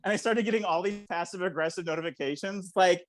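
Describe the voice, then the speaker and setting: A man's voice: high voice, quick pace, hardly any pauses. A man performing a stand-up comedy set over a video call, acting out the voices of other people. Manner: animated, acts out voices of others.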